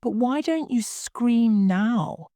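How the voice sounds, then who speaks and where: A curious, polite young girl from a storybook, as a woman reading aloud puts her on. Her voice sits higher than the narration, and her questions come out puzzled and well-mannered. The recording is close and dry. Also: lively intonation, takes it slowly, warm tone, dry recording.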